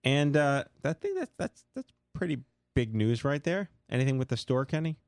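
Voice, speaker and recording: A man with a New York accent hosting a casual talk show, rambling and joking through quick asides. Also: mid-range voice, big pitch swings, darkish tone, no echo, clean studio sound. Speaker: show host. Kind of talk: casual talk-radio banter.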